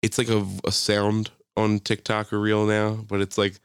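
At normal speed, a man with a lowish, smooth voice talks in a dry, studio-quality indoor recording. He's an animated storyteller co-hosting a casual podcast, swearing a lot and performing the quotes he relays.

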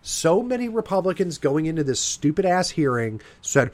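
A man's voice: fairly high pitch, big pitch swings, moderate pace, darkish tone, no echo. A man from the US East Coast hosting a political podcast, delivering a heated, indignant commentary monologue straight to his listeners. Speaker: podcast host.

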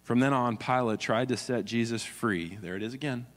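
Pastor preaching, earnest, reads scripture, long hall echo. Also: male voice, mid-range voice, moderate pace. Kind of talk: sermon.

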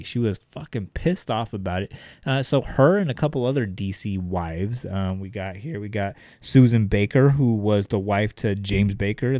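Laid-back low-voiced male podcast host. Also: a little mellow, dry recording, studio quality. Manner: loose, profane, repeats "guys" and "like". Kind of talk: casual podcast chat with ad read.

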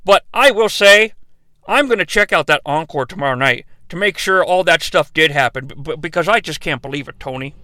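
A man's voice: on the high side, animated, brisk, bright, forceful tone, no echo, voice pushed down. A man doing an impression of a male wrestling commentator turning serious, rambling hesitantly with lots of fillers. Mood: earnest.

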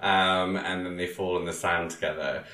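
This is a low, deep-voiced man chatting casually in a roomy, echoey space. His tone is bright and forward, and he rambles along with lots of ums and laughter. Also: level tone, normal speed. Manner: rambling, many ums, laughs often, quotes characters in silly voices. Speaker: podcast co-host recapping a film. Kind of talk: casual chat.

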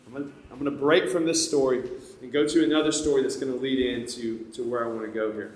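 Preacher telling a story in an echoey room. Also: male voice, mid-range voice, fairly even intonation, fast talker. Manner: conversational, addresses the audience directly. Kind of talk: sermon storytelling.

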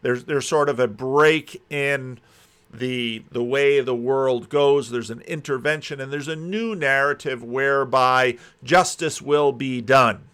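Man, bible teacher, conversational scripture commentary, thinks aloud, emphatic, mid-pitched voice. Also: takes it slowly, fairly bright tone, clean tone.

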